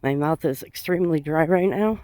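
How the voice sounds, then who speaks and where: Walking along a sidewalk outside, this woman talks fairly quickly in a low voice, recorded dry. She has a cold and is out of breath, and her casual vlog chat is rambling and relaxed, with soft laughter.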